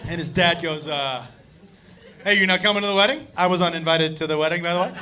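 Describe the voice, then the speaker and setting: A male stand-up comedian telling a crude story, animated and loud, shouting his punchlines. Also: on the high side, fast. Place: comedy club stage. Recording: live club set with audience laughter and noise. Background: audience laughing.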